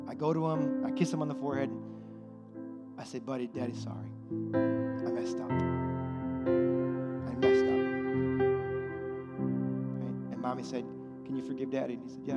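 High-voiced man preaching in an echoing hall. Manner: conversational preaching, addresses parents directly, repeats phrases. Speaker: pastor. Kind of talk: sermon. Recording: long hall reverb with loud music underneath.

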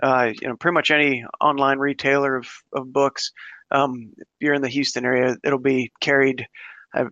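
A man answering interview questions as a guest, hesitant and full of pauses and restarts. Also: mid-range voice, flat delivery, pushed and bright, no echo, dull audio. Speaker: guest author and fly angler.

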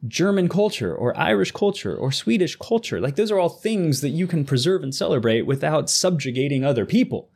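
Male podcast co-host, husky tone, lively pitch swings, conversational and argumentative. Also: brisk, hardly any pauses. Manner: animated, voice jumps up when making a point. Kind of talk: casual discussion and reading news aloud.

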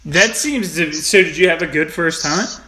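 A man's voice: a little high, moderate pace, bright, forceful tone, breathy edge. A man from Missouri hosting a podcast, chatty and rambling in casual talk, with lots of fillers and laughs. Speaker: podcast host. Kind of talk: casual chat.

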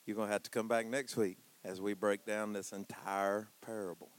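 A pastor preaches a sermon in church, calling out to the congregation for responses. His lowish voice keeps a level tone overall while swinging between hushed, drawn-out lines and loud, emphatic peaks.

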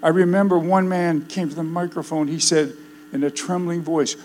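An older man preaching a sermon, swinging between loud declarations and hushed, solemn passages. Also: on the high side, fairly even intonation, normal speed, slight background noise, rough recording.

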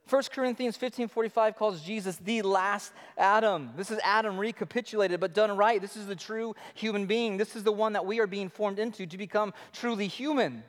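A man in his thirties preaching a sermon as pastor, animated, swinging between loud emphasis and quiet asides. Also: sits high, fairly quick, few pauses. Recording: long hall reverb.

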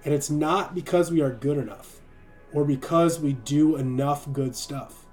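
A man's voice: fairly high pitch, measured pace, a little mellow, faint music behind. Earnest man preaching on a livestream. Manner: earnest, keeps asking "right?". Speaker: streaming preacher. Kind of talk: livestream sermon.

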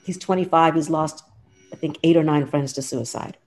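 A woman's voice: deep voice, normal speed, a little mellow. A woman in her fifties, a lawyer and professor, talking in an earnest, heartfelt way with frequent restarts in a casual interview. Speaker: guest, lawyer and law professor.

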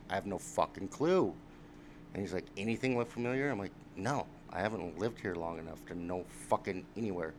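A man telling a rowdy, profane anecdote in casual chat, acting out the dialogue. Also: low-pitched. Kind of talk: casual storytelling. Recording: noticeable background noise.

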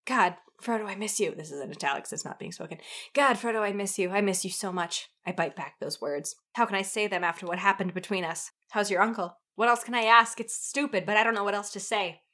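Bright-voiced woman reading aloud. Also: medium pitch, brisk. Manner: giggly, breaks into laughter and off-key singing. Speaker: podcast co-host reading fan fiction aloud. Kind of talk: comedic dramatic reading with banter.

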